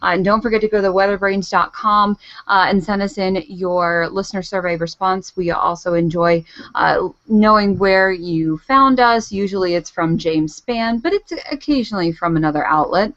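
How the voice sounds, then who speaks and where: A woman co-hosting a weather podcast in casual chat, self-deprecating and quick to laugh. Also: medium pitch, a bit bright, no room sound, dull audio. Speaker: co-host.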